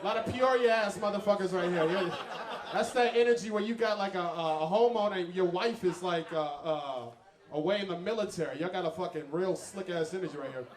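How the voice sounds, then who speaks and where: A man hosting a live comedy show, doing loud, profane crowd work from the stage. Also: high voice, brisk. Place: packed comedy club stage. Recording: roomy live club with crowd noise. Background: laughing crowd.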